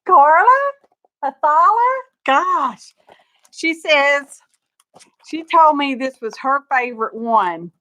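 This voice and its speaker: A woman's voice: high-pitched, expressive, slow pace, a bit bright. An older woman, chatty and gushing, hosting a live craft show-and-tell from her studio. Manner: chatty and gushing, greets viewers by name, frequent laughs. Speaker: craft channel host.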